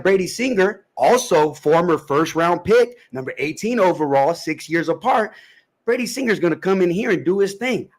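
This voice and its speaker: A man hosting a sports betting podcast, reading off stats in an emphatic, slangy breakdown. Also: sits high. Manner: stat-heavy, emphatic, slangy.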